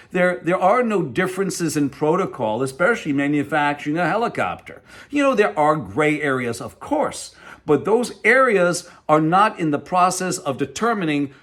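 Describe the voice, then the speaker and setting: A man's voice: on the high side, fairly bright tone. A middle-aged man, a company CEO, speaking to viewers directly in a protest vlog, emphatic and indignant.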